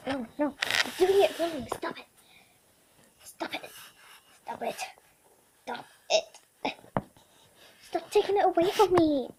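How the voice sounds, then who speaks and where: Woman doing a whiny female pet dog, high-pitched, slow and pleading, dramatic and needy. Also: background noise. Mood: petulant. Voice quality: whiny, pleading, swings into high cries and whispers.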